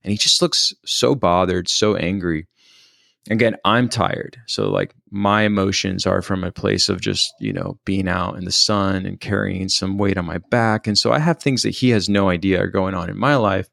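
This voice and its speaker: A man with a very low voice full of gravelly fry talks through a personal story. He is thoughtful and hesitant, often pausing and restarting. The recording is dry and close. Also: fairly bright tone, no room sound. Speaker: storyteller recounting a personal experience.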